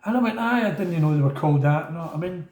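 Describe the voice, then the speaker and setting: A man's voice: fairly high pitch, quick pace. A middle-aged man with a Glaswegian accent telling a casual, rambling story and acting out the voices of other people. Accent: Scottish, Glaswegian. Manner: rambling, animated, acts out quoted voices. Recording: echoey room.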